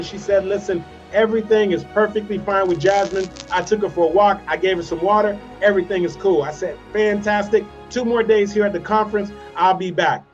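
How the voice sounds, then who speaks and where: A man giving a motivational speech, telling a story with repeated phrases and dramatic slowdowns. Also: high-pitched, muffled recording. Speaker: motivational speaker.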